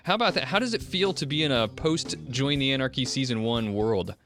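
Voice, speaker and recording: A man's voice: medium pitch, animated, fairly quick, fairly bright tone, faint music behind. A man hosting a podcast in casual chat, rambling and self-deprecating, with many fillers and laughs. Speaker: podcast host.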